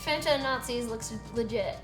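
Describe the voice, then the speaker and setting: Woman, host, casual stream chat, jokey, excitable, roomy room, music behind. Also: on the high side, moderate pace. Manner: excitable and jokey, laughs often. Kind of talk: casual chat on a livestream show. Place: studio.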